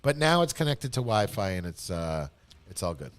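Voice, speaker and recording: Profane man spinning animated stories. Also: lowish voice, moderate pace, crowd noise. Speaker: podcast host. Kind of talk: casual chat. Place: back room of a bar.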